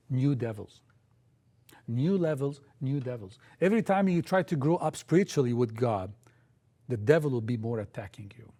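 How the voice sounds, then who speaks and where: A man preaching a sermon, emphatic, often repeating key phrases and sometimes halting and restarting. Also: mid-range voice, warm tone.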